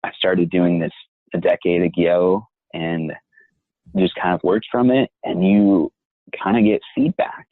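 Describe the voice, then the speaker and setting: A young man, a voice actor, talking in a measured, reflective and encouraging way as an interview guest. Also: low-pitched, no room sound. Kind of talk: interview conversation. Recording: tinny phone-like line.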